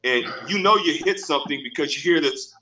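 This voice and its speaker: A man's voice: fairly high pitch, fairly quick, pushed and bright, highs cut off. A man hosting a casual podcast, telling stories animatedly and repeating his phrases. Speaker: podcast host.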